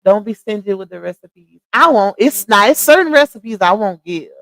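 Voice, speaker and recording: A woman's voice: medium pitch, expressive, normal speed, a bit bright, dry recording. A young woman with a Louisiana Southern accent, chatting casually with her livestream viewers and laughing often. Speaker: livestream host.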